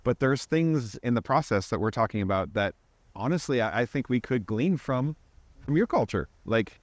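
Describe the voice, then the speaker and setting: A man's voice: mid-range voice, expressive, moderate pace, dry recording. A man from Minnesota, chatting loosely in a podcast conversation, rambling and correcting himself as he goes. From Minnesota, USA. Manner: rambling, self-correcting, laughs easily. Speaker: podcast guest.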